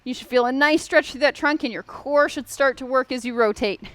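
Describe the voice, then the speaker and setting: A woman's voice: sits high, fairly quick, fairly bright tone, no room sound. A woman instructor leading a seated and standing exercise class, giving upbeat, encouraging cues. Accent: Canadian.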